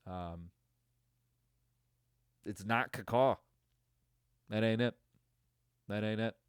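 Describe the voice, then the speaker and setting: A man's voice: lowish voice, extremely slow, clear, resonant tone, no echo. A man hosting a casual sports podcast, ranting in a profane, tired way with lots of fillers and restarts, close to the mic. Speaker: podcast host.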